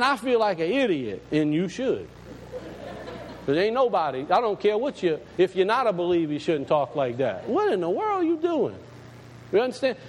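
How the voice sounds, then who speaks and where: High-pitched preaching pastor, folksy and emphatic. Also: male voice, a little mellow, in a large hall, rough recording. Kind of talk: sermon.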